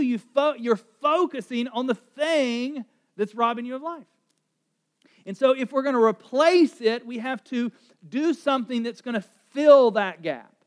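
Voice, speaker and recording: High-voiced middle-aged pastor preaching, chatty quiet asides then loud punchy bits. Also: male voice. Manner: conversational storytelling, swings from quiet asides to loud emphatic preaching. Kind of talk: sermon.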